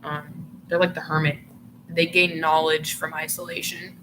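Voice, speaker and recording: A woman's voice: sits low, flat delivery, moderate pace. A woman giving a casual tarot reading to her viewers, chatty and full of "like" fillers, who sometimes breaks into giggles. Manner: chatty, filler-heavy, often says "like". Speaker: tarot reader. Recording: noticeable background noise.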